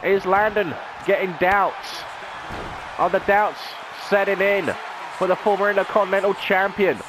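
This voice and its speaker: A man's voice: high voice, fairly even intonation, unhurried, noisy background. A man, a gaming channel host, calling a video game wrestling match play-by-play in a dramatic announcer style with rhetorical questions.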